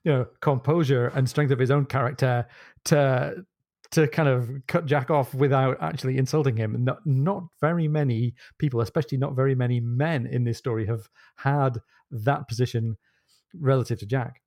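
A man's voice: medium pitch, normal speed, a little mellow. A man co-hosting a casual book podcast, reading passages aloud and commenting with animation. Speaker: podcast co-host.

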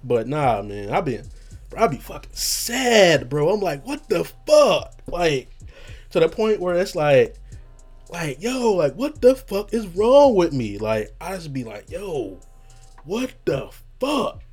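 A man's voice: on the high side, very animated, a little slow, darkish tone, soft background music. A young man hosting a podcast in casual chat, rambling in slang, swearing freely and trailing off as he hunts for words. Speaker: podcast host.

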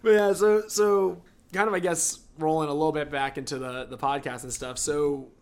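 A man's voice: on the high side, steady tone, normal speed, clean tone. A man from New Orleans co-hosting a podcast, teasing his friends and explaining things in casual chat. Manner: teasing, explains with easy rules. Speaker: podcast co-host.

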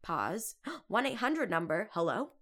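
A young adult woman hosting her own show, talking through a story in a casual, animated way with quick exclamations and asides. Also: mid-range voice. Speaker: podcast host. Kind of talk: casual chatty monologue.

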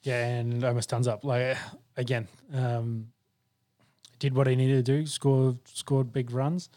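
Man, mid-pitched, relaxed sports co-host who mostly agrees. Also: measured pace. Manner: easygoing, agreeable, many fillers. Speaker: podcast co-host. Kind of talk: casual sports chat.

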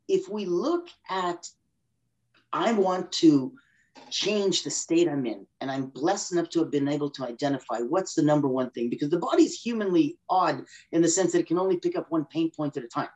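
A man's voice: sits high, expressive, normal speed. A man as a guest on a podcast interview, explaining with energy and acting out inner voices. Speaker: guest expert.

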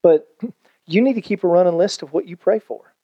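A man pastor, preaching a sermon in an animated, conversational way with jokes and acted-out quotes. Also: sits high, moderate pace, breathy edge, no room sound, lo-fi sound.

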